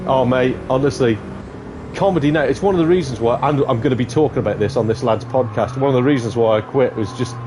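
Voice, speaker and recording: A man's voice: medium pitch, fast talker, noisy background. A man streaming a game, chatting casually and telling a long joke with laughs. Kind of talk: casual storytelling chat.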